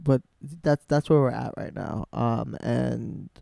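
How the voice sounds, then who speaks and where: A man musician in casual vlog talk, soft-spoken and rambling as he thinks aloud about his songwriting. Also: mid-range voice, takes it slowly, vocal fry, no echo, clean studio sound.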